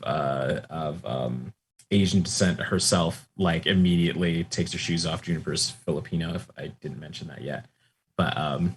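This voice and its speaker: A man narrating as game master of a tabletop role-playing game, relaxed and rambling with many fillers. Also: deep voice, slight background noise.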